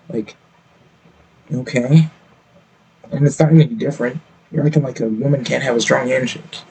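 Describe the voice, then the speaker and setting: Gravelly-voiced streamer, blunt and profane, ranting reactions to clips. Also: male voice, mid-range voice, a little mellow, a little hiss or hum, low-quality recording. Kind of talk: reaction commentary.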